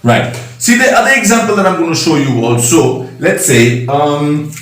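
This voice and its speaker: A man's voice: fairly high pitch, sing-song, moderate pace, a bit bright. A man teaching a recorded grammar lesson, patiently spelling out letters and checking in with "right?". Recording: echoey room, mic at a distance.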